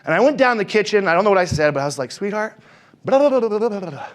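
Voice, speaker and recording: A man's voice: high voice, animated, very fast. A man training salespeople, telling stories with energy and asking his audience questions. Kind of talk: motivational talk with stories.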